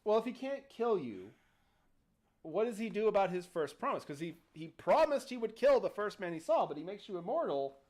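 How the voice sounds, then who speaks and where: A male host retells a folk tale to his co-hosts and chat. His storytelling is animated and his pitch is lively, with frequent laughter. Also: normal speed. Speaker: podcast host. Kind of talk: casual storytelling on a livestream.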